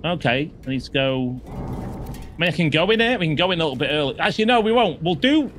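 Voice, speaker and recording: A man's voice: fairly high pitch, lively intonation, fast talker, over music. A man livestreaming a game. He chats to viewers and swears and yelps when something jumps out. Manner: chatty, swears and yelps at sudden scares. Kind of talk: live gameplay commentary.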